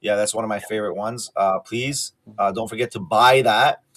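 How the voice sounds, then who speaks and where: A man's voice: fairly low pitch, normal speed, a bit bright. A man hosting a podcast over a video call, chatting casually and enthusiastically plugging his guest while sounding overworked. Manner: enthusiastic, rambling, promotional. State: tired, overworked. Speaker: podcast host.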